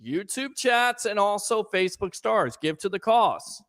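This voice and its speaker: A man hosting a live call-in sports talk show, ranting in a fired-up, sarcastic way and shouting at times. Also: high voice, expressive, measured pace. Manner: sarcastic, scolding critics.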